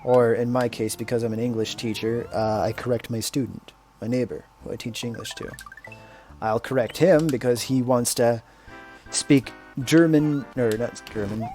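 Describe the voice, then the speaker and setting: A man in the middle range of pitch, chatting casually while he plays, drifting from story to story at an unhurried pace. Faint game music sits quietly under his voice. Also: fairly even intonation. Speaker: streamer and English teacher. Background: faint video game music.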